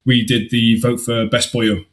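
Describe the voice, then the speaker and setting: A man telling tournament stories as a guest on a casual podcast, upbeat and quick to laugh. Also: mid-range voice, little pitch movement. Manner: enthusiastic storyteller who laughs often. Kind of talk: casual chat.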